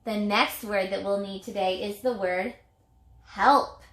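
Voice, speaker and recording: A woman teacher giving a reading lesson to young children, speaking clearly and sounding out words in a sing-song way. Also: mid-range voice, fairly even intonation, normal speed, fairly bright tone, echoey room.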